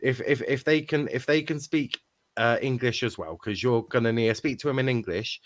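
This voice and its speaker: A man's voice: mid-range voice, normal speed, dry recording. A man hosting a casual panel chat, rambling and jokey, swearing freely. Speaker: host.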